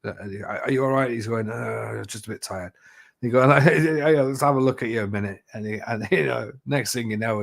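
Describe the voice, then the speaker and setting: A man's voice: fairly low pitch, creaky. A man telling stories in a casual chat, rambling and swearing freely with lots of "you know". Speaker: live chat host.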